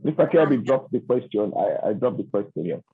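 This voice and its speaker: A man asking a question in an online workshop, speaking haltingly with some restarts. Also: mid-range voice, sing-song, slightly rough. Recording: tinny phone-like line, dry.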